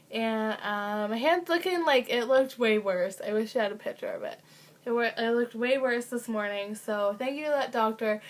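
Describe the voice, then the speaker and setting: In a storytime vlog, a young woman with a voice on the high side chats casually, leaning on fillers and sarcastic remarks. She coughs occasionally, and there's a little hiss or hum in the recording.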